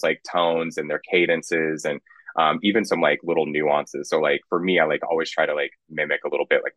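A young man from Kansas, a guest in a casual interview, speaking in a relaxed way with many fillers. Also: extremely low pitch, no echo, dull audio.

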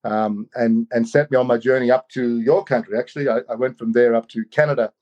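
A man's voice: medium pitch, steady tone, brisk, a little mellow. A man recounting a personal story over a video call, rambling, repeating words and leaning on fillers. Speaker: guest. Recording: slightly muffled video call audio.

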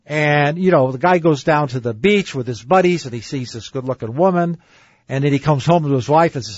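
A husky-voiced man with a slightly raised pitch, hosting a dating advice talk show. He reads passages aloud and then argues against them firmly. His voice is close and dry on a dull, lo-fi recording. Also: a little fast, no echo. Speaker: dating advice radio host. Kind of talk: radio talk show commentary.

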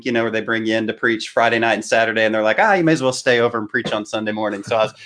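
A man, a guest preacher on a podcast, telling embarrassing stories in a lively way with laughs. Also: mid-range voice. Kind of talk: casual storytelling.

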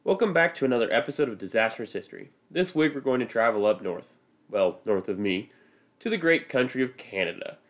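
A man's voice: medium pitch, expressive, a little fast. A man with a Midwestern American accent, hosting a history podcast and narrating from a script in a casual, self-deprecating way. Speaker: podcast host.

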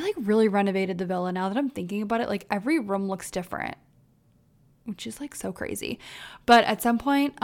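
A woman's voice: medium pitch, creaky. A young woman hosting a podcast, recapping casually and chatting away, acting out other people's quotes in her own voice. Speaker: podcast host. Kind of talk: casual solo recap chat.

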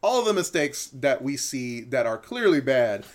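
A man co-hosting a casual review chat, animated, swearing casually and laughing often. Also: mid-range voice, measured pace. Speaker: co-host reviewing a film.

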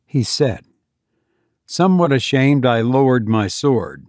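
A man reading a first-person adventure story aloud in a measured, deliberate way. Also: mid-range voice, animated, no room sound, clean studio sound. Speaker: narrator.

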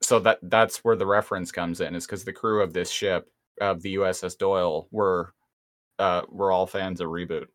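A man's voice: deep voice, fairly even intonation, normal speed, a bit bright. A man co-hosting a podcast, casually recapping an episode's plot with hesitant fillers. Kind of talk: casual chat.

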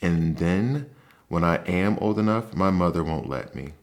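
A man playing a wistful young boy, soft-spoken. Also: low voice, lively intonation, unhurried. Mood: gloomy. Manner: soft, earnest.

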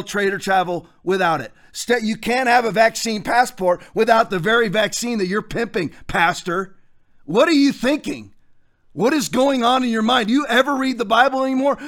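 A man hosting a show, preaching commentary in a forceful, hectoring way with repeated phrases. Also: sits high. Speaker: host.

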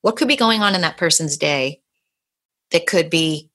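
Podcast host, woman, deep register, casual rambling storyteller. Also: expressive, moderate pace, a bit bright. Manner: chatty, storytelling, frequent fillers and restarts. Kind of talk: casual conversation.

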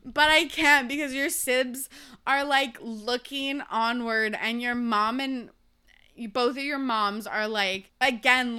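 A young woman talks straight to her viewers in a loose, gushing vlog chat, full of fillers and casual swearing. Her voice is bright and forceful, with a smooth, resonant clarity. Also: on the high side, measured pace. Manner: chatty, gushing, swears freely, many fillers. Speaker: vlogger reviewing a TV season.

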